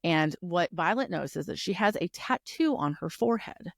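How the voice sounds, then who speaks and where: A woman with a fairly low voice co-hosts a casual book-club podcast, retelling the story in an animated, swear-laced way. The recording is dry and close, with no room sound. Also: normal speed, gravelly, no echo. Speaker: podcast co-host.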